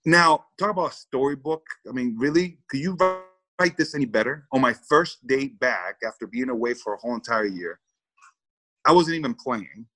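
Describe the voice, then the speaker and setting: A man's voice: mid-range voice, expressive, normal speed, sharp tone, soft background music, low-quality recording. A man, a former baseball player, telling a story in an interview with lots of repeated words, acted-out quotes and laughter.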